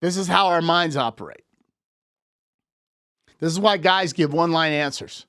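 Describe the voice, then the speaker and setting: A man's voice: fairly high pitch, moderate pace, long pauses, bright, forceful tone, no room sound, clean studio sound. A man coaching on relationships in a live talk, lecturing emphatically with repeated points.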